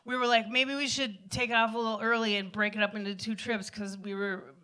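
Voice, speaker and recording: A woman's voice: medium pitch, little pitch movement, brisk, sharp tone. A woman telling a rambling, self-deprecating comic story on stage at a live show. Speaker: storyteller performer.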